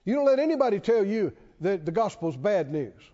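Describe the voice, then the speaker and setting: This church sermon comes from a man whose high-pitched voice is dark-toned, sing-song, and a little fast. He preaches emphatically and repetitively, frequently addressing questions to the congregation, and the recording is dull and lo-fi with hall reverb.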